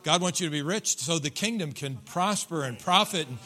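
Middle-aged pastor guy preaching, folksy and jokey, kinda high bright voice, acts out his church folks. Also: expressive, moderate pace. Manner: folksy, joking preacher acting out congregants. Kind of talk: sermon. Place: church sanctuary.

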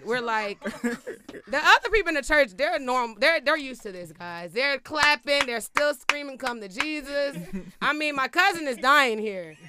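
A woman's voice: high voice, bright, forceful tone. A woman telling a comic story, laughing often and acting out the quotes in shifting voices. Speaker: storyteller guest.

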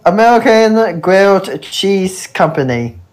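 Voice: mid-range voice, animated, slow pace, a little mellow. Hesitant podcast co-host reading a list. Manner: reads out restaurant names, hesitant with many uhs. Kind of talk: casual chat.

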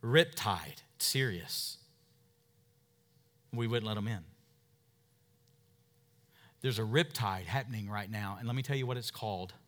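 In an emphatic sermon, a pastor in his thirties calls for amens and swings from quiet remarks to loud, pounding points. His voice is fairly low and animated, at a measured pace with frequent pauses.

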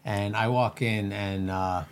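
A man co-hosting a podcast, telling stories bluntly and swearing casually, often letting his voice drop low. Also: fairly even intonation, slow, a little hiss or hum. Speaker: podcast co-host. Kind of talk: casual chat.

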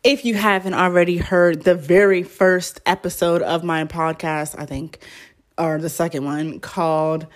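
A woman's voice: lowish voice, little pitch movement, measured pace. A young woman hosting her own podcast, chatting casually and rambling with lots of fillers. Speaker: podcast host. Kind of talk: casual solo podcast chat.

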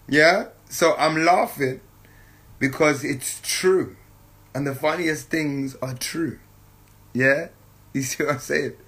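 A man's voice: on the high side, pushed and bright. A man giving a casual, jovial spiritual monologue, laughing often and talking in slang with lots of repetition.

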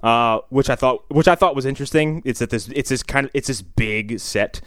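A man's voice: medium pitch, a little fast, fairly bright tone, dry recording, studio quality. A man casually discussing a movie on a podcast, wry and digressive, often restarting his sentences. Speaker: podcast co-host.

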